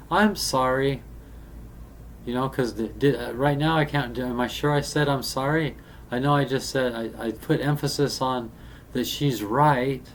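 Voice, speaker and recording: A man talking in a casual, rambling monologue, halting and restarting often with many fillers. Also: medium pitch. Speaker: vlogger. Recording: faint background noise.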